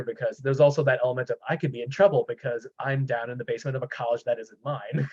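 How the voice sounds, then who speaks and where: A man recounts a personal encounter in loose, casual chat, circling back with fillers and restarts. His voice sits at an ordinary pitch. The recording sounds slightly dull and lo-fi. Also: fast talker, darkish tone. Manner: rambling, many fillers and restarts. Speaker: podcast host. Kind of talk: casual storytelling.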